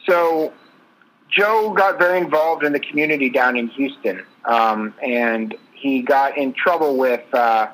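A man's voice: mid-range voice, a little slow, a bit bright, poor audio. A man co-hosting a casual sports podcast, telling stories and listing trade details. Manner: storytelling, lists trade details. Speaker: podcast co-host.

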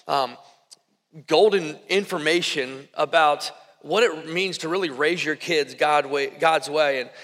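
A man in his thirties preaching a sermon, telling personal stories in an animated, conversational way with many fillers. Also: fairly high pitch. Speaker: pastor. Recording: echoey hall with long reverb.

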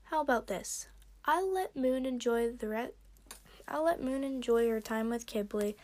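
Woman reader as a chatty young girl dragon, high and quick, storybook reading. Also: darkish tone, lightly acted. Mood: excited. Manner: fast, eager questioning. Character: bubbly young female rainwing dragon, chatty. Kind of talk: fan fiction reading.

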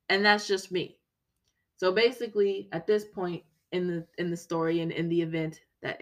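A woman's voice: fairly low pitch, fairly bright tone. A woman hosting a podcast, telling a personal story in an earnest, emphatic way and repeating key phrases for weight. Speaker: podcast host.

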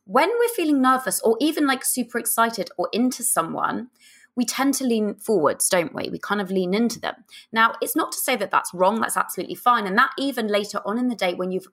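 A young woman hosting a podcast, giving chatty, animated dating advice and sometimes dropping into a lower, slower voice to demonstrate. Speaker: podcast host and dating coach.

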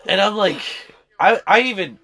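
A young man in his twenties telling a story in casual chat, animated and profane. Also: high voice, moderate pace.

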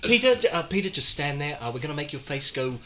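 A man's voice: a little high, very animated, fast talker, fairly bright tone. A man co-hosting a casual film review podcast, playful and giggly. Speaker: podcast co-host.

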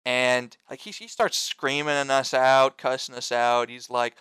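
Rambling profane young man, bright voice. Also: medium pitch, little pitch movement, unhurried, clean tone, no echo. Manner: rambling, profane, lots of fillers and restarts. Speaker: storyteller among friends. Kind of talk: casual chat.

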